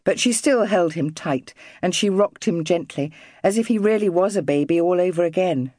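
A woman narrating a children's audiobook in an expressive storytelling manner. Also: lowish voice, moderate pace, dry recording, studio quality.

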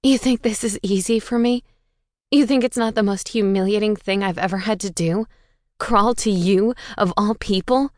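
A woman's voice: mid-range voice, moderate pace, a little mellow, dry recording, studio quality, natural voice. A woman narrator voicing a desperate young woman pleading tearfully on the phone. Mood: defensive.

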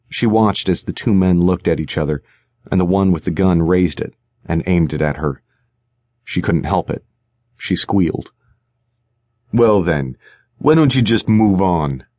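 A man narrating a suspense audiobook in a measured, tense manner. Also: low voice, dark tone, dry recording. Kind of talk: scripted narration. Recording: dry studio recording.

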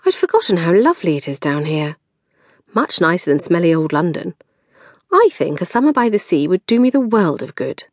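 A woman's voice: on the high side, huge pitch swings, moderate pace, darkish tone, slightly rough, no echo, studio quality, pitched above the performer's own voice, exaggerated voice. A woman voicing a petulant, dreamy young woman, self-centred and whiny, in a sing-song manner. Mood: cheerfully coaxing.

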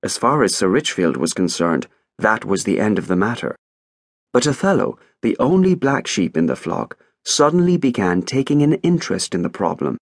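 A man narrating an audiobook in an expressive, wry storytelling manner. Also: lowish voice, normal speed, no echo, clean studio sound. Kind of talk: scripted narration.

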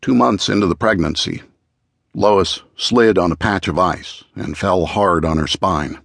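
A man narrating a true-crime audiobook in a measured, even storytelling manner, close to a studio mic. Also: low voice, gravelly, no room sound.

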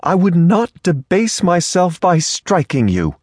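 A man's voice: high voice, sing-song, a little slow, a little mellow, dry recording, clean studio sound, pitched above the performer's own voice, exaggerated voice. A man voicing a prim, indignant young lady in a Western romance audiobook, speaking formally and haughtily.

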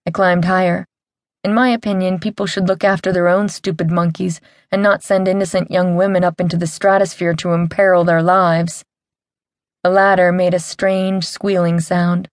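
Low-pitched woman narrating with dry, close sound. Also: moderate pace, no room sound. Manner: wry, comic storytelling with lively character voices. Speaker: audiobook narrator. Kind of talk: first-person audiobook narration.

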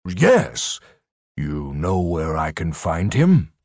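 An audiobook narrator voicing a small, frightened male alien who talks in a high, pleading voice. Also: huge pitch swings, very slow, darkish tone, no room sound, clean studio sound, heavily acted. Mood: curious.

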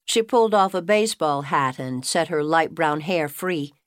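A woman narrating an audiobook in a steady, even storytelling manner. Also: low voice, normal speed, no room sound, studio quality. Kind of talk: scripted narration.

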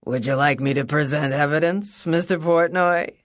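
A woman's voice: low-pitched, normal speed, no room sound, studio quality, natural voice. Woman voicing a drawling flamboyant male lawyer. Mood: silky mocking. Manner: drawling, silky and mocking. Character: flamboyant middle-aged male defense lawyer, theatrical. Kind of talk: audiobook character voice.

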